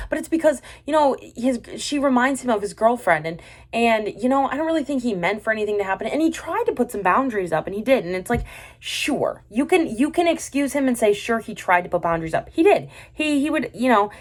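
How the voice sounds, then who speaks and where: A woman reviewing a drama in a casual, exasperated and sarcastic rant, full of fillers and restarts. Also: mid-range voice.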